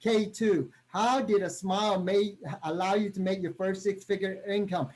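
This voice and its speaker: A man giving an energetic motivational training talk over a video call, constantly checking in with his listeners. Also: high voice, moderate pace. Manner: energetic, punctuates every point with "right?".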